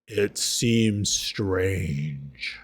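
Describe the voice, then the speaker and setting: A man voicing a big, friendly male half-orc warrior who speaks in halting, broken phrases. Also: sits low, expressive, slightly rough, dry recording, full character voice. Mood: grateful.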